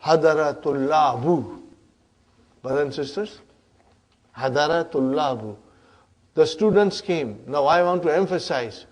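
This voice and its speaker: A man's voice: on the high side, measured pace, pauses often. A man teaching an Arabic grammar class, often checking in with "huh?" and "brothers and sisters".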